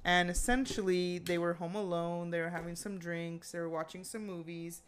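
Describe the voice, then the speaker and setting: A woman chatting casually, retelling a true-crime story with animated quoted lines and frequent fillers. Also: fairly low pitch, moderate pace, slight background noise.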